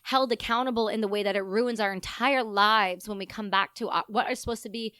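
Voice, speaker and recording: Woman, podcast guest, animated slangy storyteller, smooth clear voice, dry close sound. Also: mid-range voice, brisk, no echo. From Canada. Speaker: guest, army veteran. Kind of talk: casual podcast interview.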